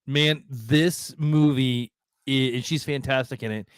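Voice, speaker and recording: A man's voice: medium pitch, fairly even intonation, a little slow, clean tone, no room sound. A man co-hosting a casual online show, gushing about a movie in rambling bursts. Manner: enthusiastic, rambling movie praise. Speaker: podcast co-host. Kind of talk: casual chat.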